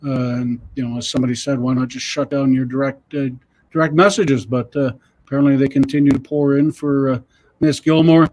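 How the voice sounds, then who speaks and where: A Canadian man, the show's news editor, giving a casual news update in a halting way, full of filler uhs. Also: mid-range voice, steady tone, a little mellow.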